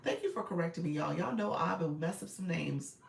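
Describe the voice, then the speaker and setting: A woman's voice: lowish voice, a little fast, creaky. A woman hosting a casual live stream, greeting viewers by name and chatting, with many fillers and laughs. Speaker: live stream coach and host. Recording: roomy, distant phone audio with faint noise.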